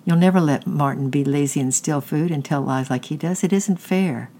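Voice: medium pitch, steady tone, normal speed, dark tone, natural voice. A narrator voicing Kate, an earnest schoolgirl who sounds upset and remorseful. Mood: pleading. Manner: pleading, upset.

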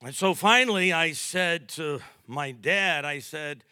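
A man's voice: on the high side, slow pace, sharp tone, clean tone, dry recording, clean studio sound. A man in his sixties from Massachusetts, a pastor preaching a sermon with emphatic rising bursts and joking asides.

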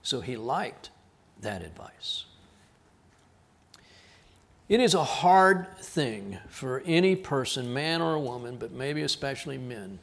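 A man from South Texas, preaching a sermon as a pastor, with an earnest delivery that drops to quiet emphasis on key words. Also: fairly high pitch, sing-song, slow pace, pauses often.

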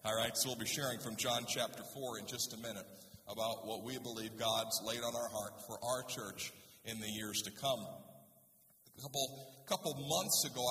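A male pastor telling a humorous story in a sermon, animated and lively. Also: mid-range voice, a little hiss or hum. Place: church sanctuary. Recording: roomy church hall, voice from a distance.

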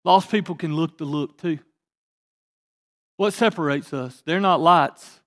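A man preaching a sermon as pastor, swinging between emphatic rising bursts and quiet asides. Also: on the high side, unhurried. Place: church sanctuary.

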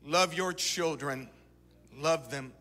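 A man in his thirties preaching a sermon, moving between shouted exhortation and quiet storytelling. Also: fairly high pitch, slow pace. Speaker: pastor. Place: church sanctuary. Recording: church sanctuary reverb.

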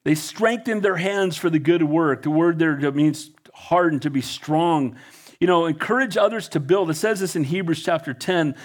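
A man's voice: on the high side, moderate pace. A man preaching a fervent sermon, reading scripture aloud and urging his listeners to action. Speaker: pastor.

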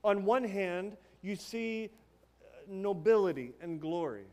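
A man's voice: sits high, animated, measured pace, a little mellow. A young adult man preaching a sermon in a conversational way, tossing rhetorical questions and casual asides to the congregation. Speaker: pastor.

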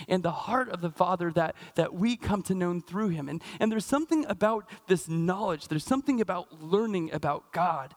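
An American man delivering a relaxed sermon from the pulpit. His voice sits a little higher than most men's. He talks informally, full of fillers and restarts, and draws out the scripture passages slowly. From Pacific Northwest, United States. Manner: slows down and stretches out scripture readings. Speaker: pastor. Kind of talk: conversational sermon.

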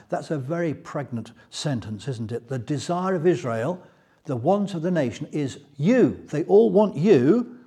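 A man preaching a Bible teaching sermon, retelling scripture in a lively storytelling way. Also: on the high side, breathy edge.

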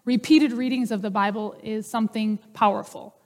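A woman pastor preaches in a relaxed, conversational way and slips humor into her teaching. Her voice sits somewhat high. The sound carries a long hall reverb. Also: moderate pace. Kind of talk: sermon.

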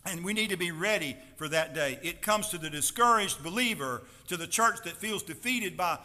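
A man preaching a sermon as pastor in a church, emphatic and building to loud declarations. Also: high-pitched, lively intonation, normal speed, in a large hall. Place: church sanctuary.

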